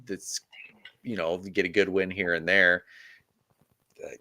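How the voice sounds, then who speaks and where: A man's voice: sits low, flat delivery, measured pace, bright, forceful tone. A young man with an American Midwest accent co-hosting a casual sports podcast, laid-back and agreeable. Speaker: podcast co-host.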